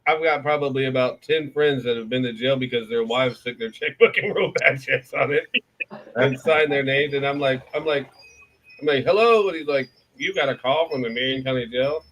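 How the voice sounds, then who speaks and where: A man of middling pitch tells a folksy jailhouse-style anecdote in a relaxed, unhurried way. He chuckles at his own tale as casual morning show banter rolls on. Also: low-quality recording. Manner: laid-back, folksy, laughs at his own stories. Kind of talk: casual storytelling chat.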